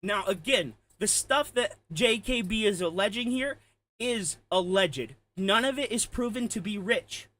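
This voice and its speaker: A man delivering an angry, profane ranting commentary, heated and shouting at times. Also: high voice, lively intonation, unhurried. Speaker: commentary streamer.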